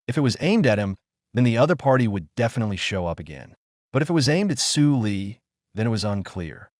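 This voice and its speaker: A man narrating a dramatic story in a scripted, lively way. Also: medium pitch, a little fast, dry recording, clean studio sound.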